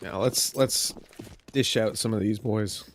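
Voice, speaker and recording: A man's voice: on the low side, measured pace, a little hiss or hum. A man giving color commentary on an esports match with teasing, playful banter. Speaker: esports co-caster.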